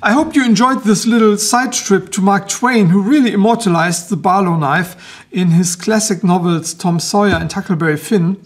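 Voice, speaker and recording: A man with a German accent, hosting a knife review video in measured, explanatory scripted narration that turns into a literary talk. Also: high voice.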